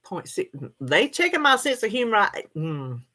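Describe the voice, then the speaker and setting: A woman's voice: mid-range voice, sing-song, moderate pace, bright, forceful tone. A middle-aged woman, chatting casually with her viewers and laughing often as she answers their comments. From United States. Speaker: livestream host.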